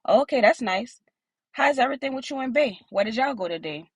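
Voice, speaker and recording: A woman's voice: a little high, expressive, fairly quick, breathy edge, dry recording, studio quality, voice pushed up. A woman voicing a sweet young woman, the narrator's chatty cousin. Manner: bright and chatty, pleading when scared.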